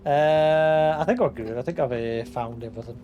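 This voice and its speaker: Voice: mid-range voice, dull audio. Laid-back streamer reading game documents. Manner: reads in-game documents aloud in a measured, deliberate cadence; relaxed, offhand asides between readings. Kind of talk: live gameplay commentary.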